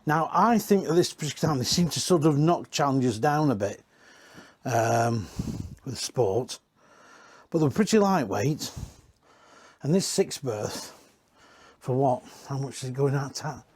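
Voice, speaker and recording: A man's voice: medium pitch, expressive, a little slow, slightly rough. A man giving a casual, rambling walk-around tour inside used caravans, chatting and correcting himself as he goes. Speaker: caravan industry reviewer.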